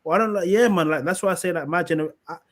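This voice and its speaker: A man, telling stories in a casual debate, animated and profane. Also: high voice, very fast. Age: 20s.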